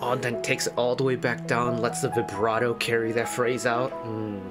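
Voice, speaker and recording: A man's voice: mid-range voice, level tone, normal speed. A man hosting a casual music reaction, gushing enthusiastically about the singer's vocal technique.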